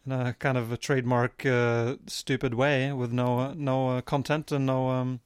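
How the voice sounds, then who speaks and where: A man co-hosting a podcast, rambling in casual banter with crude deadpan jokes. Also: medium pitch, moderate pace, clear, resonant tone, dry recording, studio quality. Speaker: podcast co-host.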